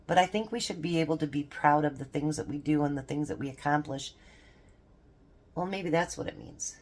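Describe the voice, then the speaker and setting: Older woman, grandmother type, low voice, rambling casual devotional chat with frequent laughs. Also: fairly quick, darkish tone. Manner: rambling, chatty, laughs often. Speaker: homestead vlogger.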